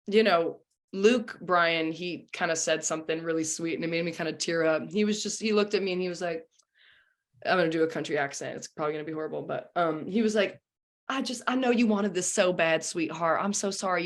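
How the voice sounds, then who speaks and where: A young woman, a singer and former contestant, chatting casually in an interview with lots of "you know" and "um". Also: deep voice. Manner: chatty with many fillers like 'you know' and 'um'.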